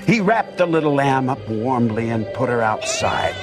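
A man's voice: mid-range voice, lively intonation, moderate pace, hardly any pauses. An older man giving a theatrical, playful reading of a children's story, with music behind. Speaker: guest storybook reader.

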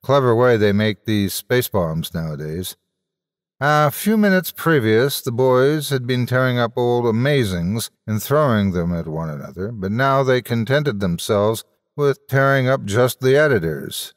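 A man's voice: mid-range voice, lively intonation, unhurried, no room sound, studio quality, in a large hall. A man narrating a comic science-fiction story in a theatrical, wry manner.

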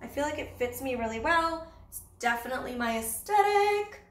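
A woman's voice: sits high, animated, normal speed, echoey room, slight background noise. A Canadian woman in her twenties, chatting casually and bubbly as a vlogger, full of "like" fillers. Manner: bubbly, chatty, fashion-loving, many "like" fillers. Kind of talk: casual chat.

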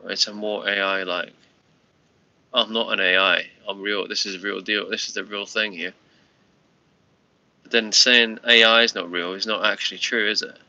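A man chatting to viewers on his live stream, tired, rambling and halting with many restarts. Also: on the low side, steady tone, bright, forceful tone, dry recording. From United Kingdom. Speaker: livestream host. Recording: lo-fi muffled livestream audio.

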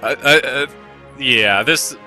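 A man's voice: mid-range voice, slow, bright, forceful tone, faint music behind. A man playing a video game and commenting casually, joking and swearing freely. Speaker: let's play host and player.

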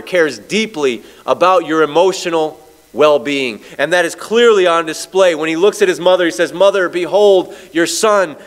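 A man pastor preaching a sermon, telling stories and slowing down to read scripture. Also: sits high. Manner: storytelling preacher, slows down on scripture.

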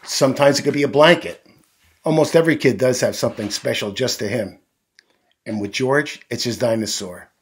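A man's voice: medium pitch, moderate pace, husky. A man reading a picture book aloud to children as a storyteller, adding friendly asides to young listeners.

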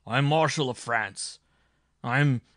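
A man's voice: medium pitch, lively intonation, a little fast, dry recording, studio quality, voice pushed up, lightly acted. A man voicing an arrogant, hot-tempered noble marshal on trial, blustering and indignant. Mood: imperious.

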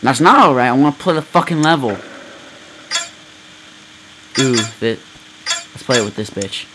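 Male gamer, slow-talking, foul-mouthed, yells a lot. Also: medium pitch, expressive, noisy background. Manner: loud, profane, yelling reactions. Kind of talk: let's play commentary. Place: at home.

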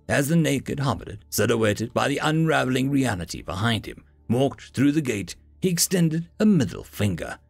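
A man narrating a fantasy story in an expressive, dramatic manner. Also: mid-range voice, creaky, no echo.

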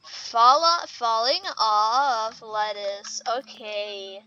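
A woman commentating over a game, rambling and cracking jokes, often repeating herself. Her voice is high and bright. The recording sounds dull and lo-fi. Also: expressive, drawn-out words, smooth. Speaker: gaming channel host. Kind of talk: let's-play commentary.

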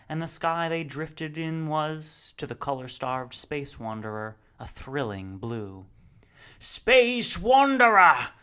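A man narrating a novel as an audiobook reader, with expressive, wry storytelling. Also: medium pitch, clear, resonant tone. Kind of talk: scripted narration.

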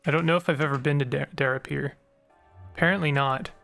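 A man's voice: a little high, steady tone, fast talker, vocal fry, a bit bright, faint music behind. A man hosting a let's play, giving casual game commentary in a rambling way and stumbling over odd names.

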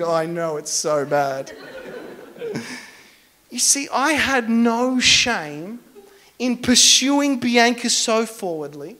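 High-voiced animated young preacher. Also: male voice, slow, pauses often, a little hiss or hum. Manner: animated, self-mocking storyteller. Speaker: pastor. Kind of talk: storytelling sermon.

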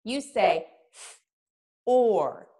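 A woman teacher giving an online early-literacy lesson to young children. She talks chattily between activities, then slows into call-and-response spelling and a sing-song chant. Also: medium pitch, expressive, mellow. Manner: chatty, loose asides with fillers between activities.

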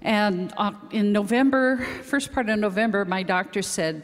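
A woman's voice: medium pitch, moderate pace, few pauses. An older woman giving a chatty, rambling testimony on stage, laughing easily. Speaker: guest speaker. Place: large hall with audience. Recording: reverberant hall with crowd.

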